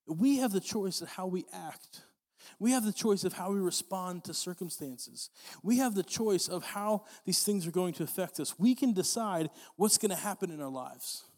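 A young male pastor delivering a sermon in a fairly high voice. He speaks earnestly, repeating phrases for emphasis and often restarting mid-sentence. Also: animated, moderate pace, darkish tone, long reverb tail. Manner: earnest, repetitive, many restarts.

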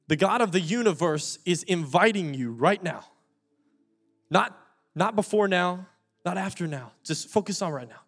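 Earnest, pleading high-voiced young pastor. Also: male voice. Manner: earnest, pleading, repeats words for emphasis. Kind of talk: sermon with altar call.

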